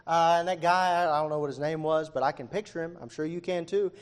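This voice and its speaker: A man with a notably high voice delivers a sermon. His fervour swings from quiet, close passages to ringing near-shouts. He leans on "uh" as he moves from one phrase to the next. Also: fairly even intonation, fast, clean tone. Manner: frequent "uh" fillers. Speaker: preacher.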